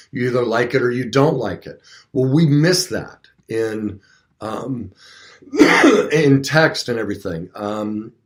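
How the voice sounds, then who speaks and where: A man in his fifties hosting a coaching talk show, speaking conversationally and acting out little dialogues with a lifted voice. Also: medium pitch. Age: 50s. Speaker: radio show host and coach. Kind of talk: motivational talk. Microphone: streamed talk show mic, also seen on video.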